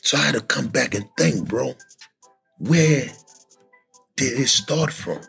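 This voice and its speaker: A man on a podcast telling a hard personal story with lots of emotion, acting out other people's voices in loud high bursts. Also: takes it slowly, vocal fry, breathy edge, soft background music. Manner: animated, acts out voices and shouts in high bursts. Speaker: podcast guest sharing his story.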